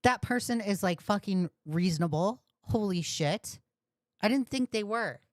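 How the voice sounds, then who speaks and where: A woman's voice: mid-range voice, lively intonation, a little slow, no echo, studio quality. A woman host ranting on a commentary livestream, profane and indignant, repeating insults. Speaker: commentary streamer.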